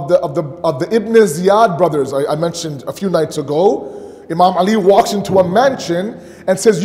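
A man's voice: high-pitched, a little mellow. A man giving a sermon at a mosque, telling a story and acting out the dialogue, with rhetorical questions for the congregation. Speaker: preacher. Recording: long hall reverb.

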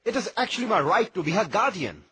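A bright, lively voice of a stubborn young kinsman, firm and defiant. It is dubbed film acting with a faint hiss. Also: high voice, fast, full character voice.

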